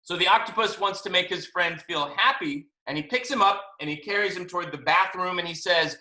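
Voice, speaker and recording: A man, a children's book author, reading a picture book aloud to young children over a video call, animated and chatty, in an echoey room. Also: high-pitched, brisk, few pauses. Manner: animated, chatty storytelling to kids.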